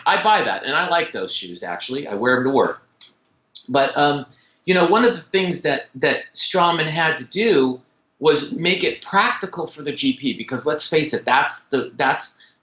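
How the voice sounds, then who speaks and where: A man, a dentist and implant educator, talking in a podcast interview as an animated, fast-talking storyteller who often restarts his sentences. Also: fairly high pitch, reverberant, rough recording.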